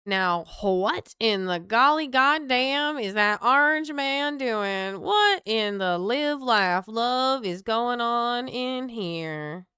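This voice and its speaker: A woman's voice: fairly high pitch, expressive, slow pace, few pauses, pushed and bright, clean tone, no echo, clean studio sound, exaggerated voice. A woman voicing a fed-up Southern Trump supporter ranting online, in a put-on Southern accent with indignant, folksy exclamations.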